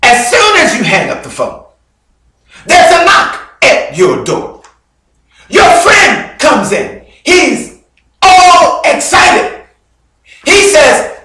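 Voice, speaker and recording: High-voiced preacher in an echoing church. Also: male voice, huge pitch swings, takes it slowly, long pauses, some chatter behind. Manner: dramatic storytelling, swings between loud bursts and low drops. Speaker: bishop preaching. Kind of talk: sermon. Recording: very echoey hall, mic far off.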